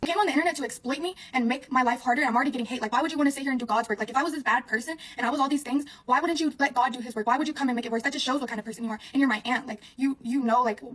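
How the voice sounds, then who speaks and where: A woman's voice: high-pitched, racing, hardly any pauses, a bit bright. A young woman telling a personal story to camera in a rambling way, full of "like" and swearing. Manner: rambling, heavy use of "like", frequent swearing. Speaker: vlogger. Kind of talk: casual storytime monologue.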